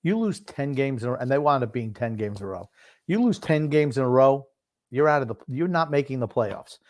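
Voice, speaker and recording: A man's voice: mid-range voice, expressive, a little fast, a little mellow, dry recording, clean studio sound. An older man co-hosting a podcast, chatting casually about hockey in a blunt, grumbling way. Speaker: podcast co-host. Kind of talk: casual sports chat.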